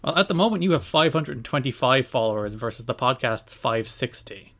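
A man's voice: mid-range voice, animated, a little fast, bright, forceful tone. Teasing man with dry banter. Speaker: podcast co-host. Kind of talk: casual chat.

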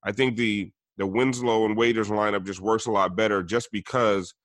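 A man co-hosting a sports podcast, talking hesitantly and pausing often with ums and uhs. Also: fairly low pitch, steady tone, fairly bright tone, dry recording, studio quality. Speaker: podcast co-host. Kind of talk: casual sports chat.

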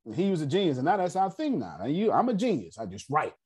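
Animated husky man leading a class. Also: fairly high pitch, quick pace. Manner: animated, digressive, addresses the audience directly. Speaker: class leader. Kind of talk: casual teaching and storytelling.

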